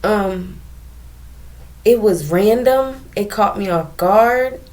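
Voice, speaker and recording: A young woman telling a personal story to camera in a candid, emotional way, with frequent pauses and restarts. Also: medium pitch, a little mellow. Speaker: vlogger telling her own story.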